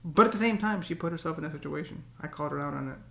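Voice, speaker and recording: A man's voice: on the high side, racing, vocal fry, bright, forceful tone, reverberant. A man talking to the camera in a casual, rambling monologue, often repeating words and breaking into cursing rants. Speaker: vlogger.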